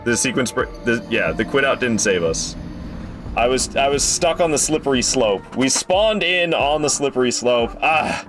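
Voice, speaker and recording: Young male streamer, animated and irritated, casual live game commentary with cursing. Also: mid-range voice, normal speed, over music. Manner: frustrated, chatty, swears often; talks to chat.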